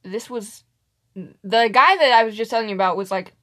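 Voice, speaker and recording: A woman's voice: on the high side, normal speed. A young woman chatting casually as a podcast co-host, telling workplace stories and acting out what customers said. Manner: animated storyteller, acts out customers' lines, laughs often. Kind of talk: casual chat, storytelling.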